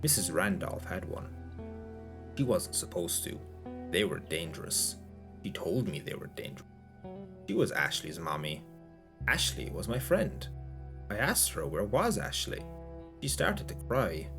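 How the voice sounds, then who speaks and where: Man reading as a frightened childlike young woman, short simple sentences, low voice, lively pitch, soft guitar behind. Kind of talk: audiobook-style reading.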